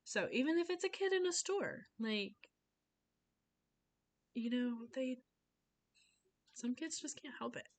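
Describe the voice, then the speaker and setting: A woman's voice: high voice, expressive, takes it slowly, long pauses, slight background noise. A young woman giving an informal class speech, chatty, often acting out little conversations in voices.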